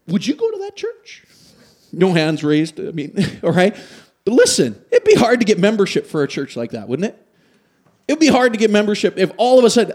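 Lively, high-voiced man preaching. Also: normal speed. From Canada. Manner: animated storytelling, asks the audience questions. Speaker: pastor. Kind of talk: sermon.

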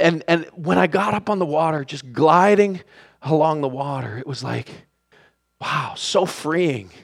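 A man preaching a sermon, animated, acting out the lines of the people in the story. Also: on the high side, creaky. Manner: animated, acts out the characters' lines.

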